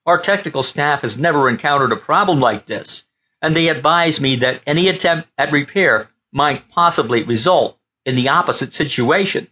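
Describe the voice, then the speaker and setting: A man voicing a gruff, irritable starship captain in an audiobook, curt and blustering. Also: fairly high pitch, moderate pace, pushed and bright. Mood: flustered. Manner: curt and blustering, then flustered.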